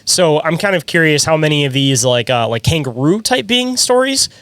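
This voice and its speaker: A male podcast host with a fairly high voice chats casually. He rambles and hedges, filling his sentences with "like". The recording is dry and close to the mic. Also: lively intonation, normal speed, fairly bright tone, smooth, no echo. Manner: rambling, heavy use of "like", hedging. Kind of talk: casual chat.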